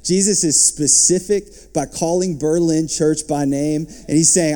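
Male pastor, mellow timbre, animated sermon delivery. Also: fairly high pitch, unhurried. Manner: animated preaching, rising and dropping to soft asides.

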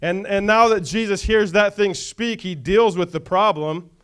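A man's voice: high-pitched, a little slow, a bit bright, clean tone, faint music behind. A male pastor preaching a conversational sermon, often checking in with the congregation.

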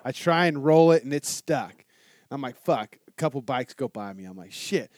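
A man telling a motorcycle story in casual chat, animated and swearing a lot. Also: medium pitch, brisk, no echo, clean studio sound. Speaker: guest telling a travel story.

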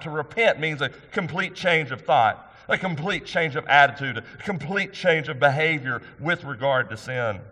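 A middle-aged man preaches an earnest sermon in a church sanctuary, his fairly high, bright, forceful voice pressing each point home. His words ring out with a long reverb trailing behind them. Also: fairly quick, hardly any pauses. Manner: earnest, emphatic preaching with rhetorical questions. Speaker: pastor.

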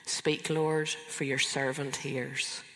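A woman's voice: very deep voice, flat delivery, slow pace, fairly bright tone, exaggerated voice. A woman reading the part of the young boy Samuel in a sermon. She lifts her voice a little and sounds earnest. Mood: eager. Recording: long reverb of a large hall.

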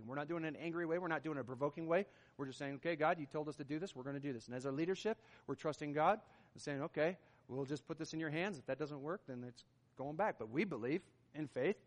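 Male pastor, sermon, high voice, emphatic, swelling and dropping volume, long hall reverb. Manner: emphatic, rising and falling in volume.

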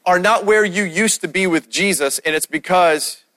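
A man's voice: sits high, moderate pace, sharp tone. A man preaching a sermon as pastor from a church stage, building emphasis and repeating questions to the congregation.

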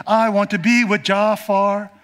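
A man playing a petulant young princess, with a mock-whiny, drawn-out delivery in a cartoon retelling. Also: high voice, little pitch movement, fairly bright tone. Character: princess refusing a ride home, petulant young woman.

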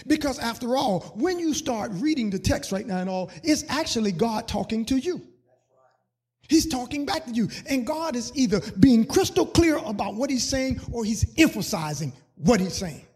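A man's voice: very high voice, animated, moderate pace, a little mellow, husky. A man preaching a sermon as pastor, repeating words and building to fervent, sung emphasis on scripture.

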